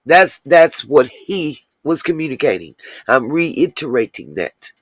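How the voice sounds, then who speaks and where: A woman's voice: low-pitched, big pitch swings, breathy edge, no echo. A woman hosting a casual livestream, chatting with her viewers and answering their comments as they come in. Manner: chatty, talks straight to viewers, drawn-out asides. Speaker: livestream host.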